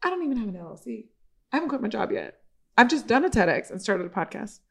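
A woman's voice: on the high side, quick pace, vocal fry. A woman guest on a podcast, telling a candid personal story in casual chat and acting out both sides of the dialogues. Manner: candid and expressive, with occasional swearing. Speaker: podcast host, guest here.

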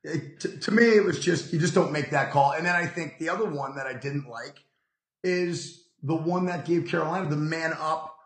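A man's voice: fairly high pitch, normal speed. A man co-hosting a casual sports podcast, giving emphatic opinions and often repeating his phrases. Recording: echoey room.

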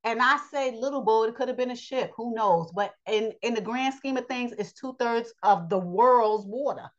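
A woman teaching a daily Bible lesson with lively, repetitive preaching, calling her listeners "child" and "honey". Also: fairly high pitch, normal speed, highs cut off. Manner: Southern-style vernacular, repeats phrases.

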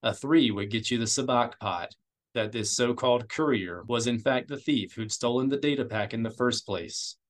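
Male audiobook reader, steady, measured narration, even middle pitch.

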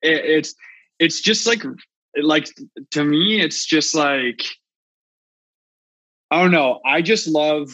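A man's voice: on the high side, takes it slowly, pauses often, bright, forceful tone, no room sound. A man who produces music, a guest on a podcast, rambling casually with lots of filler and losing his thread. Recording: dull dry lo-fi sound.

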